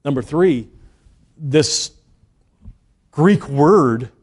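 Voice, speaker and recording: High-voiced pastor guy telling a story in his sermon, swings all over. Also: drawn-out words, breathy edge. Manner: animated, emphatic, repeats key lines.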